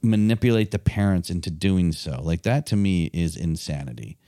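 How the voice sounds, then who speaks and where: Laid-back man chatting, smooth low voice. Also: moderate pace, no echo, studio quality. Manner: animated, swearing, mock-acting quotes. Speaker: podcast co-host. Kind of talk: casual chat.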